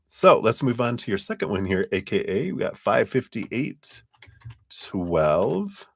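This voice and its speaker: A man with a very deep voice gives a casual live tarot reading at an easy, unhurried pace. He talks in loose, trailing phrases and laughs often. The sound is dry and close. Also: dry recording. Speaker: tarot reader on a live stream.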